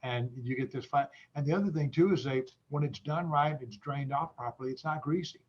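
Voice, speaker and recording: A man who is a guest on a video call, chatting casually in a halting way with many restarts and fillers. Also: fairly high pitch, highs cut off.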